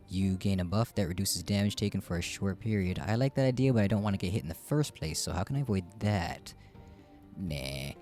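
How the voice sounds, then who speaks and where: A man's voice: on the low side, dark tone. A man casually chatting through a game he is streaming, rambling and joking about himself. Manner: chatty, rambling, self-deprecating. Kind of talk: casual gameplay commentary.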